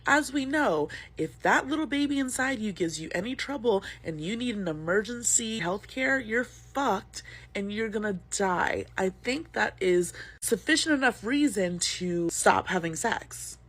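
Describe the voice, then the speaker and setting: A woman's voice: medium pitch, expressive, unhurried, a bit bright, husky. An American woman giving an indignant, preachy political rant to camera. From United States.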